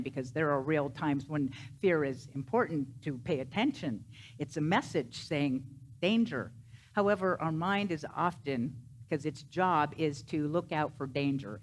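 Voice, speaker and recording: A woman minister giving a Sunday sermon to a congregation, animated and emphatic, often swinging her voice up and down for effect. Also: low voice, a little hiss or hum. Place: church sanctuary.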